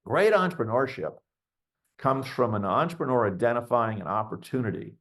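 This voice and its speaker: A man's voice: mid-range voice, expressive, normal speed. A middle-aged man, a venture investor speaking as a webinar guest, talking bluntly and candidly, ranting and acting out quoted voices. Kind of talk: candid conversational webinar talk.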